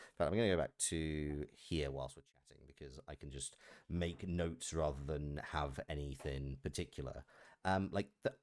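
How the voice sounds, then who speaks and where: Merseyside man, very low voice, thoughtful casual streamer talk, dry close mic. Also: a little mellow, dry recording. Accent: Merseyside English. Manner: thoughtful, explanatory. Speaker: voice actor. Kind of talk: casual chat on a live stream.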